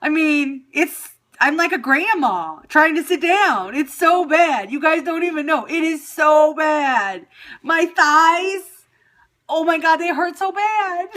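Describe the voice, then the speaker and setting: A woman's voice: very high-pitched, sharp tone. A woman hosting a casual livestream from home on her phone, talking candidly in a profane, self-mocking way. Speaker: livestream host. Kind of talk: casual chat.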